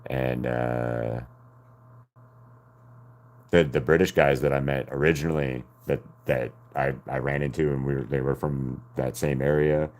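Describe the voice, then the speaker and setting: Extremely deep-voiced American man, rambling. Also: fairly even intonation, unhurried, darkish tone. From United States. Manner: rambling, chatty, laughs often. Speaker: artist streaming to chat. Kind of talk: casual chat while drawing.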